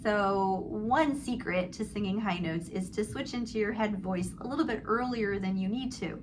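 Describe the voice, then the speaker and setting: A woman's voice: medium pitch, normal speed, noisy background. A middle-aged woman vocal coach teaching a singing lesson, explaining technique between sung vowel exercises. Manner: demonstrates vowel slides and sighs, then explains calmly.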